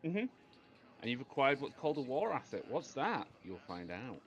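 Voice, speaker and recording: A man's voice: mid-range voice, big pitch swings, normal speed, highs cut off. A man co-commenting on a game, joking around and making silly sound effects. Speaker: co-streamer. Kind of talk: casual gameplay commentary.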